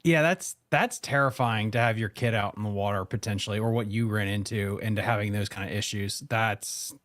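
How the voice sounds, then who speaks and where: A man's voice: on the low side, brisk, a bit bright. A man from Prince George's County, Maryland, hosting a podcast in easygoing, casual chat and laughing often. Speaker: podcast host.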